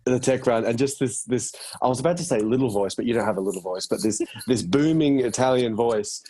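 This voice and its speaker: A man with an Australian accent, a podcast guest in casual chat, telling stories in a quick, self-deprecating way. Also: mid-range voice, mellow, husky.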